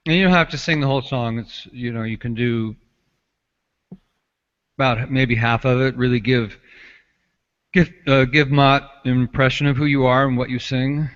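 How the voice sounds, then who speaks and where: A man working as a vocal coach, calmly explaining technique in casual chat over a video call. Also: mid-range voice, normal speed, pauses often. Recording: dull lo-fi call audio.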